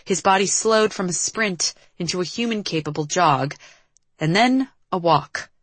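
A woman narrating a novel as an audiobook, in a steady storytelling manner. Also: on the low side, unhurried, no room sound. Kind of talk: scripted narration.

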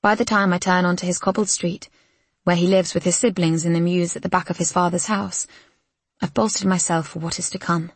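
A woman narrates a first-person novel in a soft, measured, reflective way. Her voice is slightly low and breathy. The recording is close and dry, with no room sound. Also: fairly even intonation, dry recording. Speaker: audiobook narrator.

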